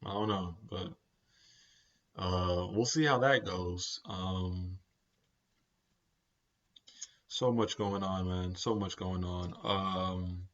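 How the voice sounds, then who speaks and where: A man's voice: low-pitched, steady tone, slow, fairly bright tone, muffled recording. A tired man, hosting a podcast as casual solo commentary, rambling with lots of fillers and repeats. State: tired, yawning. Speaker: podcast host.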